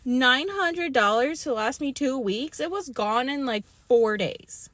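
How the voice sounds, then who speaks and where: High, animated woman venting angrily. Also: measured pace, dry recording. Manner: heated, profane venting. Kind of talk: angry vlog rant.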